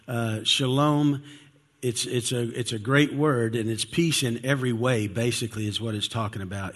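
Earnest man preaching a sermon. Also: medium pitch. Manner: earnest, conversational preaching with frequent restarts and rhetorical questions. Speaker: pastor.

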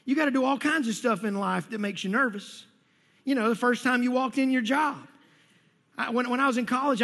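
A man preaching a sermon as pastor, talking in an animated, folksy way and repeating key phrases. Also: extremely high pitch, breathy edge. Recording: long reverb of a large hall.

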